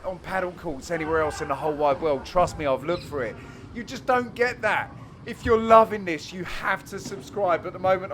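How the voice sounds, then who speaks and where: A man giving a cheeky, jokey, self-mocking voice-over commentary on amateur match footage, with bursts of excitement. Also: sits high, slight background noise. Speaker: channel host and commentator.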